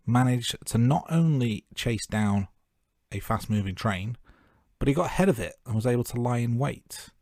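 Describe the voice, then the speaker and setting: A man's voice: fairly low pitch, a little mellow, slightly rough, no room sound, clean studio sound. A man co-hosting a film review podcast, chatting casually and raising wry, jokey questions about the plot. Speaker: podcast co-host. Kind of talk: casual movie review chat.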